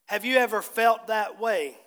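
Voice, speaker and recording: A man's voice: high voice, a little slow, a bit bright, in a large hall. A man preaching a sermon as pastor in a church, earnest and repeating key phrases for emphasis. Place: church sanctuary.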